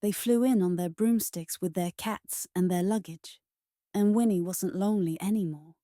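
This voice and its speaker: A woman narrating a children's storybook in a gentle, measured read-aloud manner. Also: medium pitch, dry recording, studio quality.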